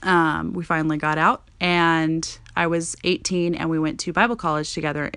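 A woman's voice: deep voice, little pitch movement, moderate pace, a bit bright, clear, resonant tone, no echo. A woman in her thirties from Montana, hosting a casual personal podcast monologue in a chatty way, with frequent "um" fillers. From Montana, USA. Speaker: podcast host.

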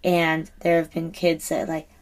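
A woman in casual chat who talks in a relaxed, thoughtful way and asks about parenting. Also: low voice, unhurried.

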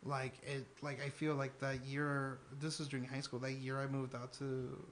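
A man's voice: medium pitch, monotone, moderate pace, slight background noise. A young man from Texas, a stand-up comedian, talking loosely in a casual interview with lots of fillers and laughs. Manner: loose and chatty, filler-heavy, laughs between lines.

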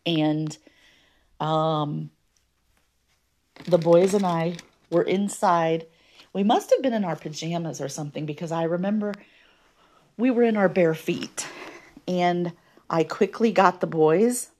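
Brief: low-pitched woman from the Midwest, podcast host recounting personal history, halting with frequent ums. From American Midwest. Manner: hesitant, many ums, soft-spoken. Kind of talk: personal storytelling.

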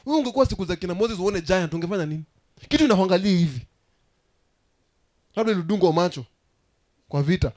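A man preaching a sermon as pastor, emphatic and rousing, with sudden loud outbursts. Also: high voice, rapid-fire.

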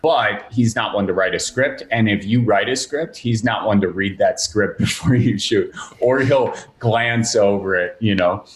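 Low-voiced midwestern guy chatting. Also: unhurried. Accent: Upper Midwest. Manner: rambling and jokey. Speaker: podcast host. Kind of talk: casual podcast chat.

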